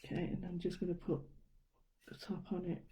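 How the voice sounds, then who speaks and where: A woman giving a casual drawing tutorial, chatting through each step as she works and often trailing off softly. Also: lowish voice, monotone, brisk, slight background noise, rough recording. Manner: chatty, narrates her own steps as she draws. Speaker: art tutor.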